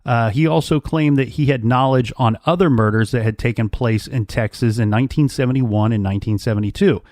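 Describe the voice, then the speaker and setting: A man co-hosting a true crime podcast, recounting case details at a quick clip with dry asides. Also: mid-range voice, darkish tone, no echo. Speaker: podcast co-host.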